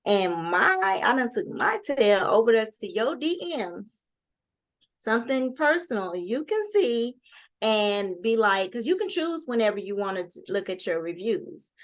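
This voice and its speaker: A woman hosting a relaxed interview chat. She talks in quick, animated bursts with plenty of colloquial turns of phrase. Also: medium pitch. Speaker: interview host.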